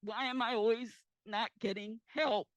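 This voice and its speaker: A woman's voice: fairly high pitch, fairly even intonation, measured pace, dry recording, lo-fi sound. A woman, giving tearful, impassioned public comment into a handheld mic at a community forum. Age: 50s. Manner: impassioned, pleading, repeats herself. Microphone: handheld microphone.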